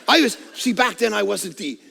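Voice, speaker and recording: This sermon comes from a middle-aged pastor on a headset microphone in a church auditorium with a long echo, where a faint crowd can be heard. He talks at a normal speed in a high, heavily gritty, rough voice, bright and forceful, preaching loudly and energetically while making jokes at his own expense.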